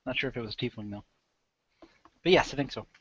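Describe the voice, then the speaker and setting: A man playing in a tabletop game, speaking softly and hesitantly. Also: medium pitch, fast talker, breathy edge, muffled recording. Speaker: player.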